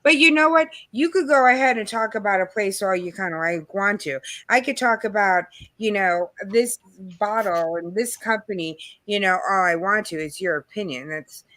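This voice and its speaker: A woman's voice: medium pitch, moderate pace, hardly any pauses, fairly bright tone, no echo. Chatty woman hosting a livestream. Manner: rambling, many "you know" fillers. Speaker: channel host. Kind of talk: casual chat on a livestream.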